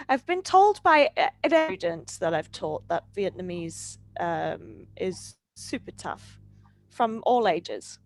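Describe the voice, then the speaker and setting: A woman's voice: medium pitch, very animated, takes it slowly, no room sound. A woman teaching an online English class on a video call, upbeat and teasing.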